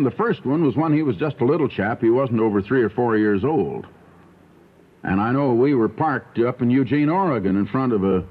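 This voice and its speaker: An older man preaching a radio sermon, telling folksy stories from his own family life. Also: lowish voice. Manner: folksy storytelling preaching, animated. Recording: tinny old radio broadcast.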